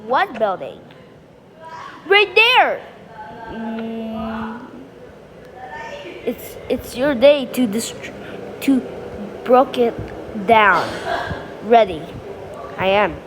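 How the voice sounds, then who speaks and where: A woman's voice: fairly high pitch, big pitch swings, very slow, pauses often, crowd noise. A woman telling a playful story over sandbox gameplay, goofy and full of sound effects and exclamations. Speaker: gaming channel creator.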